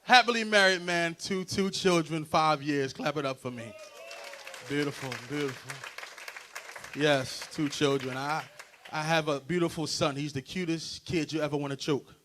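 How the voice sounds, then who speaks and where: A man doing a stand-up comedy set, loud and animated, working the crowd between bits. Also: on the high side, moderate pace. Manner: loud, animated crowd work with frequent laughs. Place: stage before a live audience.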